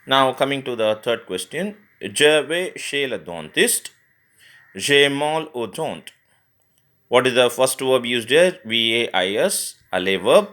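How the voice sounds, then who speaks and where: Male tutor, mid-pitched, halting explainer who spells verbs out letter by letter. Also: animated, fairly bright tone. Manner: spells words letter by letter, frequent fillers and restarts. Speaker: French teacher. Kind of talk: grammar lesson explanation.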